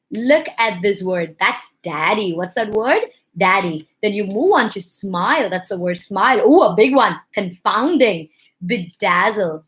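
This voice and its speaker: A young woman giving a casual, lively talk to parents, acting out what kids and parents say. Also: medium pitch. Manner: lively, animated, acts out parents and kids in quotes. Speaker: parenting educator.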